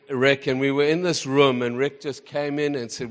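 A man hosting as pastor, telling a story with deep emotion to his congregation. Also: fairly even intonation, a little fast, few pauses, a faint crowd, slight background noise. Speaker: host pastor. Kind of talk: sermon. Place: church hall with congregation. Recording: church hall reverb with congregation.

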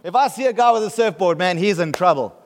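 In a large hall, a male pastor from South Africa preaches quickly, his high voice full of lively intonation. The tone is conversational, and he regularly checks that the room gets his point.

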